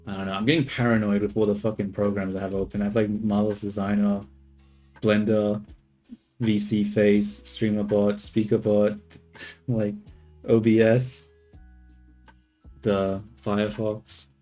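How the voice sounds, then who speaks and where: A man's voice: lowish voice, level tone, measured pace, pauses often, dark tone, soft background music. A young man streaming his 3D modeling work, thinking aloud in casual chatter, trailing off and correcting himself as he goes. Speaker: livestreamer doing 3D modeling.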